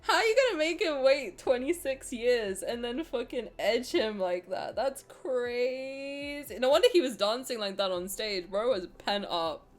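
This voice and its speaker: A woman's voice: on the high side, animated, a little slow, hardly any pauses. A woman streamer reacting on a livestream, laughing hard and swearing casually, crying with laughter.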